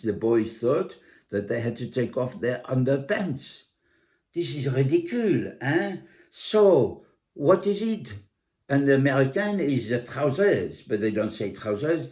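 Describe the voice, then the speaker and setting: A man voicing an excitable middle-aged Frenchwoman who talks with a heavy French accent and broken English word order, animated and indignant, slipping French fillers in. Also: medium pitch, unhurried, natural voice. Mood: bemused.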